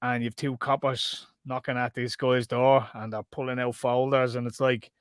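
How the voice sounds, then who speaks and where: A man's voice: medium pitch, normal speed, few pauses, clean tone, no room sound, studio quality. A man co-hosting a casual podcast, telling stories with lots of swearing and imitated voices. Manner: swearing, animated storytelling with mimicked voices. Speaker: podcast co-host. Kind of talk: casual chat.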